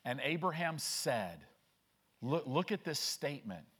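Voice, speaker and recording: A man's voice: on the high side, big pitch swings, measured pace, a bit bright, breathy edge. A man preaching a conversational sermon as pastor, often asking "right?", acting out quoted voices and reading scripture aloud. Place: church sanctuary.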